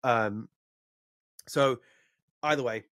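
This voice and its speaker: A man's voice: medium pitch, extremely slow, a bit bright, no room sound, studio quality. A man co-hosting a podcast in casual chat, rambling and opinionated, with frequent restarts. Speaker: podcast co-host.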